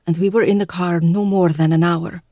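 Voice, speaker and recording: A man's voice: high-pitched, steady tone, moderate pace, mellow, no room sound, clean studio sound, voice pushed up. A man voicing a guarded young Russian woman with a heavy Russian accent, speaking bluntly in an audiobook reading. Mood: steady.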